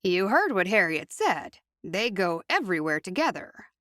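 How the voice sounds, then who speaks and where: A woman voicing a gentle, weary Amish mother. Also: medium pitch, big pitch swings, normal speed, no room sound, studio quality.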